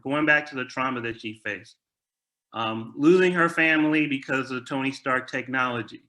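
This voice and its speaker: A man's voice: mid-range voice, normal speed, pushed and bright. A man co-hosting a review show, chatting casually and agreeably, often repeating words as he restarts. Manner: stammering restarts, agreeable and enthusiastic. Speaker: movie review show co-host.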